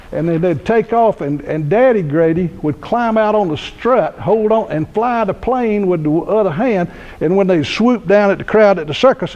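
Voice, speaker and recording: A man's voice: sits high, darkish tone, muffled recording. A man, telling humorous anecdotes in a folksy speech at a university event. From Georgia, US. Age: 60s. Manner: folksy anecdotal humor, laughs at own stories. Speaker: keynote speaker. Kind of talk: storytelling speech. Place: university lecture hall.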